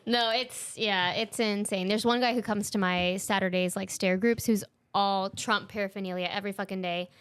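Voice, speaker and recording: A woman's voice: mid-range voice, fairly even intonation, smooth. A woman co-hosting a podcast, talking casually and emphatically, with lots of "like". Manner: fast, emphatic, says "like" often. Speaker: podcast co-host. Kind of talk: casual chat.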